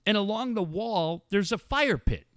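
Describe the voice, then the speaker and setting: A middle-aged man riffs through a story on a radio show, swearing freely and laughing between lines. His voice sits on the high side and swings up and down with plenty of animation, close and dry on the mic. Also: lively intonation, unhurried, a bit bright, dry recording. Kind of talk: casual, profane radio banter.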